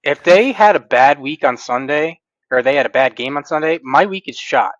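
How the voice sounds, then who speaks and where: A man's voice: a little high, lively intonation, normal speed, no room sound. A man co-hosting a casual sports podcast who talks emphatically, like a passionate fan. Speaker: podcast co-host. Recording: dull lo-fi recording.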